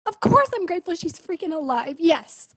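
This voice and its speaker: A woman's voice: very high voice, very animated, normal speed, fairly bright tone, no room sound, low-quality recording. A young woman venting her frustration in a personal video diary, emotional and full of fillers. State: pregnant. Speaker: vlogger.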